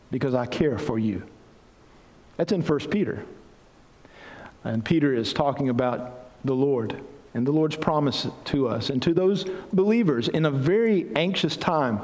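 A man's voice: medium pitch, darkish tone. Earnest male pastor in a reverberant hall. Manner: earnest, rises to emphatic preaching. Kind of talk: sermon.

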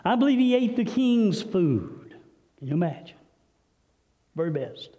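A male preacher delivering a sermon, telling a story with dramatic swings between loud, high passages and hushed, low ones. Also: very animated, unhurried. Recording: dull, lo-fi recording with long hall reverb.

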